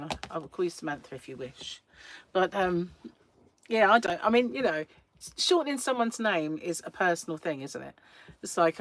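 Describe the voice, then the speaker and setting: A woman's voice: fairly low pitch, no echo. A woman hosting a crochet livestream, chatting casually and rambling to her viewers, laughing often, from a small room at home. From England. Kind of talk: casual chat with live viewers.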